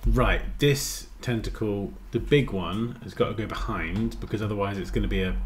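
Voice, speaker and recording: A man's voice: on the low side, moderate pace, slight background noise. A man chatting casually on a design livestream, rambling and muttering as he works. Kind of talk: casual livestream chat while editing.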